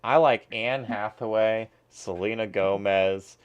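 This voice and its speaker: A man's voice: fairly low pitch, slow, smooth, highs cut off. A man hosting a casual stream, ranting crudely with lots of swearing while watching videos. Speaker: streamer host.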